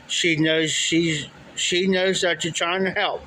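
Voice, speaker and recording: A man's voice: a little high, steady tone, slow, bright, forceful tone, a little hiss or hum, poor audio. A man casually telling a long story, rambling and repeating "he says" and "I said" as he quotes people. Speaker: livestream storyteller. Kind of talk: casual spoken anecdote.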